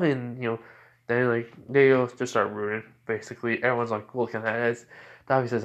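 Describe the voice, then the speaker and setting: A man's voice: mid-range voice, little pitch movement, normal speed, long pauses. Rambling man retelling a fan story. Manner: rambling, full of fillers and restarts.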